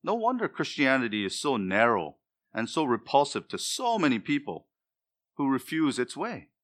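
Guy preaching a sermon, bright voice, punchy and emphatic, mid pitch. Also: big pitch swings, moderate pace. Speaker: pastor.

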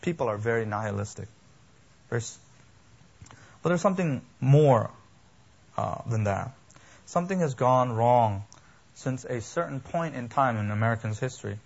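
A man's voice: medium pitch, expressive, moderate pace, gravelly, long pauses. A man preaching a sermon as a pastor, emphatic and building, with lists and rhetorical questions. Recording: dull lo-fi sermon recording.

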